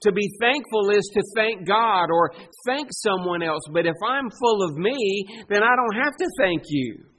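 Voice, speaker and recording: A man preaching a sermon as pastor, slow and emphatic, drawing out the words he stresses. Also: sits high, expressive, fairly bright tone, slight background noise.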